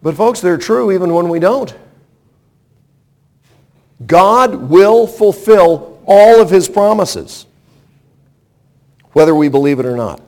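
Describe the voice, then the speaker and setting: High-voiced man preaching a sermon. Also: lively intonation, slow, long pauses, dark tone. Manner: emphatic, with rhetorical questions.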